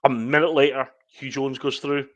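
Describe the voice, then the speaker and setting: A man's voice: medium pitch, level tone, normal speed, no room sound, highs cut off. A man, co-hosting a casual podcast and walking through match moments step by step. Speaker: podcast co-host. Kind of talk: casual sports chat.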